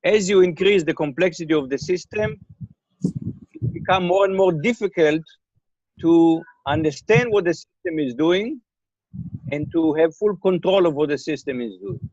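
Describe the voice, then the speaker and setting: An older man answers interview questions with slightly raised pitch, pausing to repeat words and check that he is followed. His voice comes over a remote call that sounds dry and a little dull. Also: darkish tone, no echo. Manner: thoughtful, repeats words, checks in with "okay?" and "right?". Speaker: interviewee, computer scientist.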